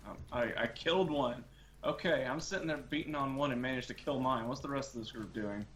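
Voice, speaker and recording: A man's voice: mid-range voice, brisk, fairly bright tone, a little hiss or hum. Easygoing man on headset chat. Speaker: gamer on voice chat. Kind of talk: casual gaming chat.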